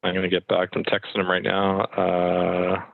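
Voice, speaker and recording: Gravelly low-voiced man on a tinny line. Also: completely flat delivery, moderate pace, no room sound. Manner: chatty, many fillers and restarts. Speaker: sales rep making cold calls. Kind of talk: casual chat while cold calling. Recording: tinny phone-like call audio.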